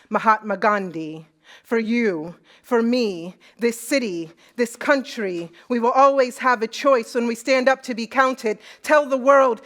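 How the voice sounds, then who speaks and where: A woman with a slightly high voice performs spoken word poetry on a live event stage. Her lines roll in a steady rhythm and build in force as she goes. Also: measured pace.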